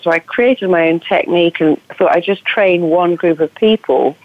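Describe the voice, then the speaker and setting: A woman's voice: fairly low pitch, fairly quick, few pauses, phone-quality sound. A woman with an English accent, a guest therapist telling her story in an enthusiastic, chatty way. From England. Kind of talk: podcast interview.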